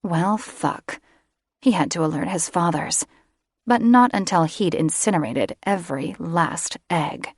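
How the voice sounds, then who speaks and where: A woman audiobook narrator giving steady, scripted fantasy narration close to the microphone. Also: on the low side, moderate pace, breathy edge, no echo. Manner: steady storytelling. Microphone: close studio microphone.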